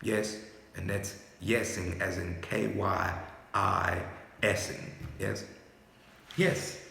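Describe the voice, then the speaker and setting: A man's voice: low-pitched, slow pace, gravelly, slight background noise. A man giving a free-flowing spiritual monologue, with loose slangy talk and repeated "yes?" and "right?" tags to his listener. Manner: soothing repeated "calm down". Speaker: spiritual speaker. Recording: very echoey room with long reverb.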